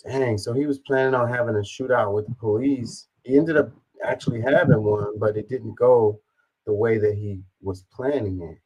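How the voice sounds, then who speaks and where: A man's voice: medium pitch, normal speed, darkish tone, husky, low-quality recording. A man casually reacting to a news story, reading viewer comments aloud and swearing bluntly.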